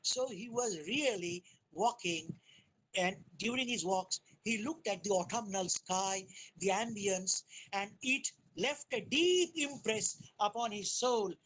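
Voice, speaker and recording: A woman lectures on poetry in a webinar, her voice sitting at a middle pitch. She talks slowly and deliberately, circling back to restart her phrases as she explains. The sound comes through a computer mic on a video call. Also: a bit bright, rough recording. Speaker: guest lecturer.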